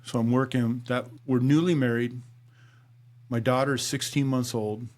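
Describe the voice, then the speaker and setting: A middle-aged former police officer tells his story to a podcast host in a flat delivery at normal speed. Conversational in style, he acts out dialogue and drops low and quiet at grave moments.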